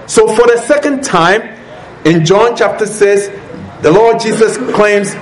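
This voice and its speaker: Male preacher, high voice, unhurried sermon delivery, echoey room. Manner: deliberate, asks rhetorical questions to the listeners. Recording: echoey room with faint ambient noise.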